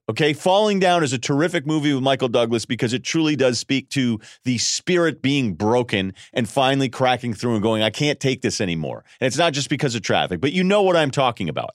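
A man hosting a sports podcast, riffing in an animated, sarcastic solo monologue and mimicking people in quick voices. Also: medium pitch, dry recording, studio quality. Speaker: podcast host.

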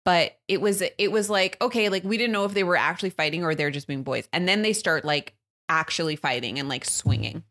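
A woman, co-hosting a podcast, telling a story in an animated way, laughing often and acting out loud quotes. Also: lowish voice, fairly quick. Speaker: podcast co-host. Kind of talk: casual storytelling chat.

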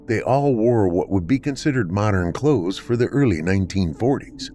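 A man hosting a podcast, narrating a horror story in a measured, dramatic way. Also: on the low side, animated, mellow, soft background music.

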